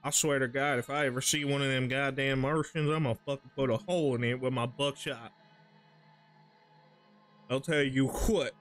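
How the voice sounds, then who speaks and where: A man's voice: medium pitch, fairly even intonation, normal speed, fairly bright tone, soft background music, lightly acted. Man doing a cranky old Southern prospector. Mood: ranting. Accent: American Southern, put on. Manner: gruff, profane rambling.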